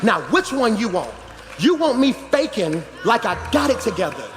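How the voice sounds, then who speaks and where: High-voiced preacher man in a reverberant hall. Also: very animated, moderate pace, slight background noise. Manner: conversational preaching that builds to shouting. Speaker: pastor. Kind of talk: sermon. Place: large church hall. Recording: church hall reverb with music behind.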